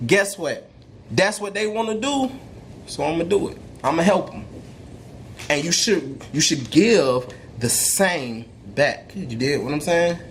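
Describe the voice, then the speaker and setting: A man's voice: a little high, lively intonation, measured pace, a little hiss or hum. Emphatic young man testifying about faith. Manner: emphatic, slangy street talk with repeated restarts; preachy, testifying tone. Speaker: vlogger. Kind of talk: motivational faith talk to camera.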